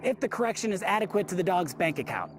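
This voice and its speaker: A woman's voice: on the low side, big pitch swings, fast talker, a little hiss or hum. A woman dog trainer teaching a group class, chatty, often acting out what the dog thinks. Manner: chatty, acts out the dog's side in dialogue.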